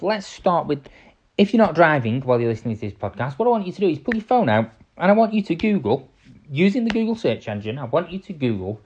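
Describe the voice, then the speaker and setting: A young man talks straight into the mic for his own podcast, earnest and blunt. His voice sits at an ordinary middle pitch, dropping low and soft for asides before jumping up loud to press a point. The recording is a little dull and lo-fi. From England. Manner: earnest, direct, swings from quiet to emphatic. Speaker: podcast host. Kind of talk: solo podcast talk. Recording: slightly dull lo-fi sound.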